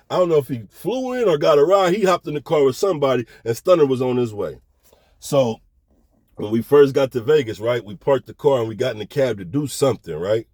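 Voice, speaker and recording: With a mid-range voice and no room sound, a middle-aged man tells a story in a relaxed, animated style, loaded with slang and frequent checks that the listener is keeping up.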